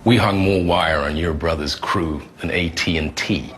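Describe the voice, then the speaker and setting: Cold American cop leaning on a suspect, very low voice, TV drama. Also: male voice, normal speed, a bit bright. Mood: pressing. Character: hard-nosed male police detective pressing a suspect. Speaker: detective in a TV drama.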